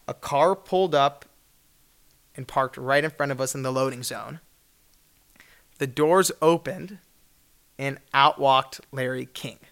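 A man in his twenties telling a story at a fireside chat, animated, acting out the people in it and laughing often. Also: fairly high pitch, smooth. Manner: animated, acts out voices, laughs often, shouts in bursts.

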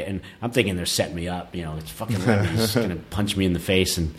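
A man's voice: deep voice, quick pace. Profane storytelling New man. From Queens, New York. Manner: animated, profane, laughing often. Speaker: podcast guest, metal musician. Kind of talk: casual storytelling.

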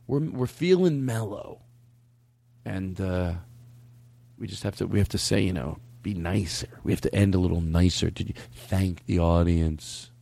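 A man's voice: sits low, normal speed, creaky, warm tone. A man co-hosting a comedy podcast, bantering wryly while wrapping up the show. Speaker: podcast co-host.

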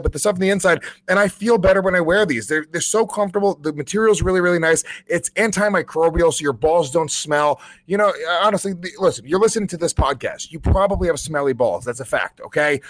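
A man with a fairly high voice co-hosting a podcast. He teases his partner in a blunt, loose way and drops casual swears. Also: fairly bright tone. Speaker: podcast co-host.

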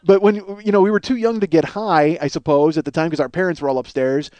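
Fast-talking rambling male comic host. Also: on the high side, warm tone, no echo, muffled recording. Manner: rambling, self-mocking storyteller. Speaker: podcast host. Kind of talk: casual comedic monologue.

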